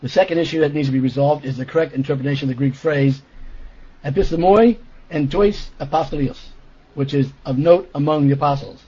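Husky man teaching a sermon. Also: fairly high pitch, brisk, warm tone. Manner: earnest explanatory teaching with frequent "okay?" check-ins. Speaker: preacher. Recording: dull lo-fi recording.

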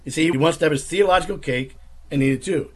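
A man's voice: on the high side, quick pace. A man giving critical religious commentary, arguing his case with pointed rhetorical questions.

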